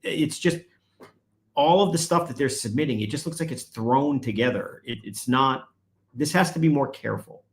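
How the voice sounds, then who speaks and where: A man's voice: medium pitch, normal speed. A man, a guest attorney, explaining legal procedure in conversation and growing emphatic when he presses a point.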